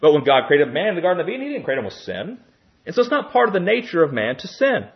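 A man's voice: fairly high pitch, very animated, fast, lo-fi sound. A man preaching a Bible-teaching sermon in a teacherly way, often checking in with "okay?".

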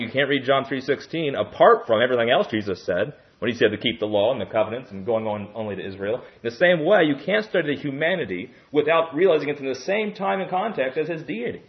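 A man's voice: mid-range voice, highs cut off. A man preaching a Bible-teaching sermon in a teacherly way, often checking in with "okay?".

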